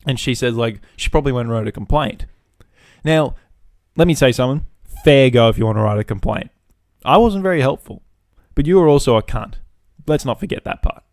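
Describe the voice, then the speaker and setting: A man's voice: medium pitch, expressive, fairly quick, a little mellow, no room sound, clean studio sound. A man hosting a podcast, telling a story as a swaggering, sweary and mocking rant into a podcast mic. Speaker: podcast host.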